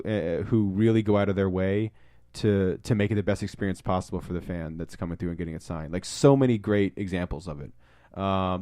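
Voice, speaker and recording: A man co-hosting a podcast, telling stories in a casual, excitable way and swearing freely. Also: lowish voice. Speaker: podcast co-host. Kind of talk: casual storytelling.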